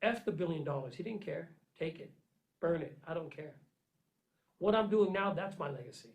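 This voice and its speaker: A man's voice: animated, normal speed, poor audio. Earnest man giving a motivational pep talk. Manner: emphatic and repetitive, swinging between loud urging and low intensity. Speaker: vlogger giving life advice. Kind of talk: motivational monologue.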